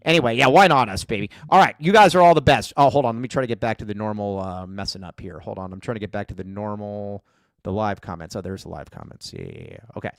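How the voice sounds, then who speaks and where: A man's voice: lowish voice, sing-song, fast talker, creaky, dry recording, studio quality. A man hosting a casual sports podcast, rambling and joking with plenty of fillers. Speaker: podcast host.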